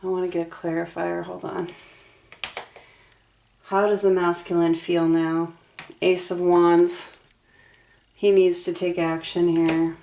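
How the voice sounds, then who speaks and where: Low, flat-voiced woman reading tarot. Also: slow, creaky, long pauses, slight background noise. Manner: earnest, emotionally invested, talks through cards aloud. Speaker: tarot reader.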